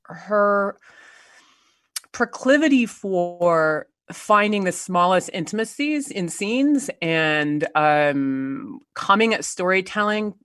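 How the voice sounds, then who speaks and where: A woman in her forties, an actor guest in a casual conversation, telling stories animatedly with halting restarts and frequent laughs. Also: lowish voice, animated, fairly bright tone, dry recording, studio quality. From United States.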